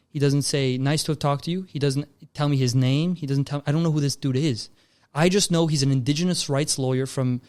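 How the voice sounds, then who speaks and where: A man's voice: a little high, darkish tone, smooth. A young man from Canada, a filmmaker guest, telling a long story in a casual chat, easygoing and calling people bro and dude. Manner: laid-back, calls people bro and dude.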